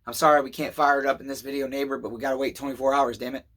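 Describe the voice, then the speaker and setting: A middle-aged man hosting a chainsaw vlog, swinging between loud emotional outbursts and low weary confession, swearing constantly and calling viewers neighbors. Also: little pitch movement, rapid-fire. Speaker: chainsaw channel host. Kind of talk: emotional rambling vlog monologue.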